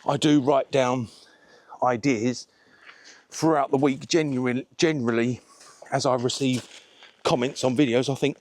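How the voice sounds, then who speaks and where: A man chatting to camera while washing a car, relaxed and a little out of breath. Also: mid-range voice. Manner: chatty, slow and unhurried, self-deprecating. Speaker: car detailing vlogger.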